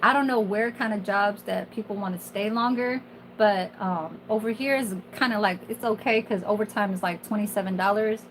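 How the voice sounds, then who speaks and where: A woman's voice: mid-range voice, moderate pace, a little hiss or hum, low-quality recording. A woman in her forties, a kitchen worker, venting in a casual, rambling monologue full of fillers and swearing. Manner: candid, profane, rambling with many fillers.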